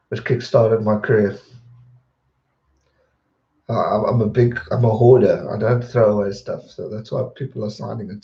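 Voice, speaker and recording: A young man, chatting casually on a live stream and answering viewer questions in a rambling, relaxed way. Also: mid-range voice, gravelly. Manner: relaxed, rambling, repeats words when distracted. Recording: dull roomy home stream audio.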